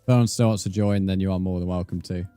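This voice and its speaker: A man's voice: low-pitched, steady tone, quick pace, warm tone, smooth, no echo, faint music behind. A man, chatting casually with viewers while he plays a game on a livestream and calling them mate. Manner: laid-back, chatty, calls viewers mate. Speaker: game streamer.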